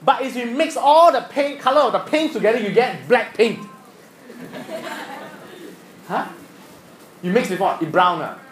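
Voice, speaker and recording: A man's voice: very high voice, animated, unhurried, long pauses, roomy sound, slight background noise, rough recording. A man teaching science to a class, asking questions and teasing students. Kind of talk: classroom lesson.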